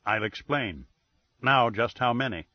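A man voicing an imperious older male detective who speaks in a measured, formal and precise way. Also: medium pitch, expressive, no room sound, lo-fi sound, lightly acted. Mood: formal, deliberate.

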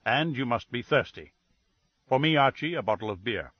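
A man's voice: mid-range voice, expressive, dry recording, lo-fi sound, natural voice. Nero Wolfe, a man reading a formal detective. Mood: formal, deliberate. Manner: measured, formal, precise. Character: imperious older male detective, deliberate.

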